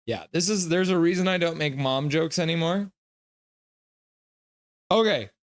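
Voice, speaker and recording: A man's voice: on the high side, lively intonation, unhurried, dry recording, clean studio sound. A man hosting a live stream, chatting casually, reading out chat messages and calling the game play by play. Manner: rambling, reads chat messages aloud. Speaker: livestream host.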